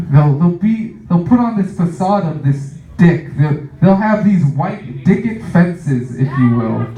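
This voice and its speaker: A young man does a stand-up set, wandering through his bits with plenty of "like" and chuckling at himself. His voice sits a bit high but sounds mellow and dark. He is caught from a distance in a roomy, echoey space on a dull, muffled recording. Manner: rambling, filler-heavy, self-amused. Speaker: stand-up comic.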